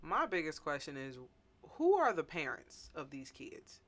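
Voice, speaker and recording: A woman with a deep voice hosts a podcast at a measured pace, chatting casually as she tells stories. She's animated, laughs a lot, and tends to repeat words.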